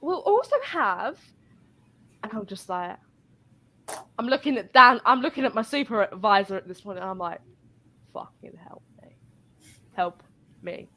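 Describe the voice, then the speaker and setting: Bright-voiced woman venting with swearing. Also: mid-range voice, moderate pace, long pauses. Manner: swearing, rambling, animated storytelling. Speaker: guest telling a work story. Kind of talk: casual venting chat.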